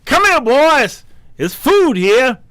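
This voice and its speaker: A man voicing God as a fervent male figure, coaxing in an emphatic, drawn-out way. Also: extremely high pitch, sing-song, heavy background noise, voice pushed up. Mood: luring. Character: God speaking to his people, male, fervent.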